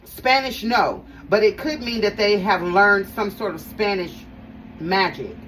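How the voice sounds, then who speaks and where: Unhurried and a bit bright, her medium-pitched voice carries a casual tarot reading aimed straight at her viewers. She chats emphatically and repeats phrases. A slightly distant mic captures her along with faint background noise.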